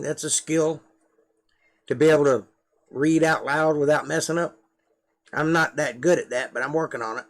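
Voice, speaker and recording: A middle-aged man with a Georgia Southern drawl hosts a live stream, chatting casually to the camera in a rambling, self-deprecating way. His voice sits a little high and sounds a bit bright. He's a musician as well as the stream's host.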